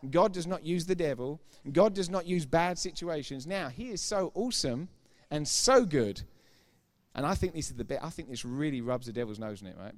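A middle-aged man preaching a sermon, emphatic and informal, repeating key phrases for effect and throwing chatty asides to the congregation. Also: on the high side. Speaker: pastor.

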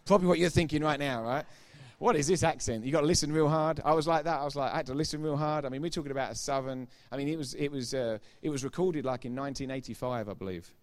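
A man giving a sermon testimony as a preacher, retelling conversations line by line and growing loud and emphatic when he preaches. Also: a little high, racing, hardly any pauses. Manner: retells dialogue with repeated "I said, he said".

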